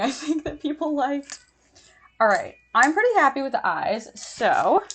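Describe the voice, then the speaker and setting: Casting: young woman, chatty and giggly, streaming her makeup routine in casual chat. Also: mid-range voice. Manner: chatty, giggly, lots of fillers.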